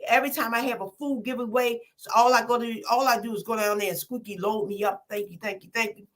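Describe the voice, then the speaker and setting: Older lady on a talk show, kinda high voice, gushing thank yous, real emotional. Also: fast. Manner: lively, emotional thank-yous with Black American vernacular. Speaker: comedian and community organizer, guest. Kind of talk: casual talk-show chat.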